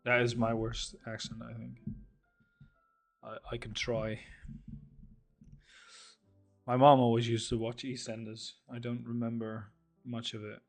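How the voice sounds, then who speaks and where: A man co-hosting a casual writing chat, thinking aloud in a halting way and poking fun at his own accent attempts. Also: medium pitch, completely flat delivery, gravelly, soft background music. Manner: self-mocking about his own accents. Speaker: podcast co-host.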